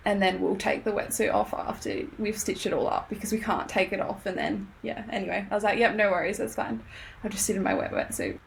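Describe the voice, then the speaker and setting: A young Australian woman, a podcast guest, telling a story in casual chat, animated and laughing often as she acts out what people said. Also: mid-range voice, creaky, a little hiss or hum.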